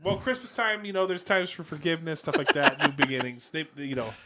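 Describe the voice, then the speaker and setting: A man co-hosting a podcast, trading casual banter, excitable and laughing often as he talks over the others. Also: a little high, fast talker, very noisy. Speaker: podcast co-host.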